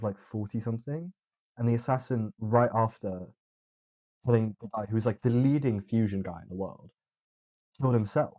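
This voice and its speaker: A man's voice: lowish voice, warm tone. A young man hosting a podcast alone, rambling sardonically with lots of fillers. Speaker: podcast host. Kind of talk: casual solo monologue. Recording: dull lo-fi sound.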